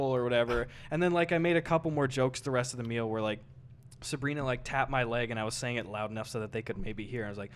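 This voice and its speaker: A man's voice: medium pitch, quick pace. A young man co-hosting a podcast, telling a story in casual chat and swearing freely. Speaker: podcast co-host.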